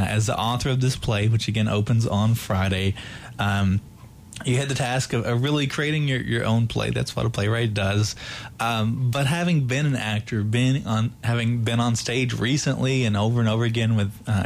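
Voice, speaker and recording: A man in his thirties hosting a casual interview, asking questions in a relaxed way. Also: medium pitch, a little hiss or hum. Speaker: interview host.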